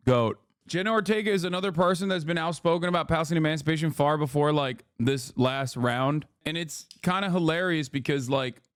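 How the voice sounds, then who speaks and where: A man's voice: fairly high pitch, clear, resonant tone, no room sound, studio quality. A man hosting a stream, talking in a profane, sarcastic, rambling way. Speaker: streamer host. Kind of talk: casual commentary.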